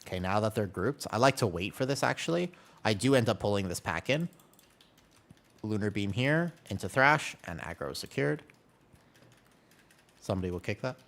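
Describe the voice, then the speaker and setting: A man's voice: lowish voice, expressive, normal speed, creaky, pauses often, a bit bright. A man streaming a game, chatty, explaining his moves while reading chat, with allergies making him sneeze. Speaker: streamer playing a tank. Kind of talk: live gameplay commentary.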